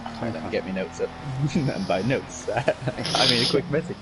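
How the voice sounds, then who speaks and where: A man co-hosting a casual gaming podcast, laid-back and quick to laugh. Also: medium pitch, animated, noisy background. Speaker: podcast co-host.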